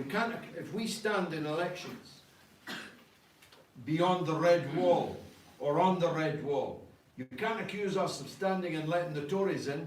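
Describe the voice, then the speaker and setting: A man leading a political party, answering an audience's questions in emphatic, rhetorical talk broken by frequent "uh" pauses. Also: fairly high pitch. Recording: echoey room, distant mic, faint noise.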